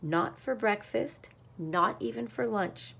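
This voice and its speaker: A woman reading a children's picture book aloud in an expressive storytelling voice with dramatic pauses. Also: mid-range voice, gravelly, slightly rough.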